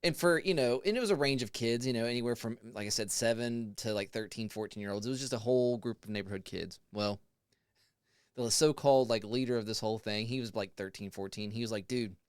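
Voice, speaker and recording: A man in his forties with a smooth, resonant voice tells a story in a laid-back way. He swears casually, and the sound is dry and close. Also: medium pitch, quick pace, no echo. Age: 40s. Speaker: podcast co-host.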